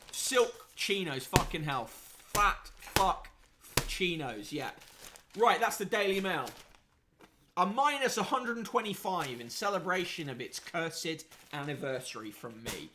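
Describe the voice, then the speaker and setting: A man's voice: sits high, sharp tone, slight background noise. A man hosting a newspaper review show, reading items aloud with sardonic, sweary asides and frequent fillers. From United Kingdom. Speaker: host.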